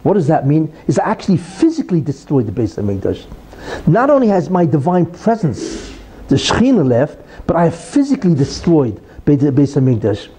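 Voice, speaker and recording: A man's voice: fairly high pitch, wildly swooping pitch, brisk, dark tone, slightly rough. A man giving a Torah lesson in a conversational way, asking rhetorical questions and explaining terms. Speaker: religious teacher.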